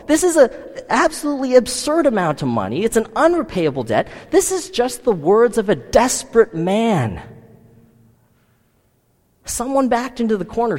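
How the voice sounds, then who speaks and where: A man's voice: very high-pitched, a little mellow, long reverb tail. A man preaching a sermon, asking the listeners many rhetorical questions. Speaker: pastor.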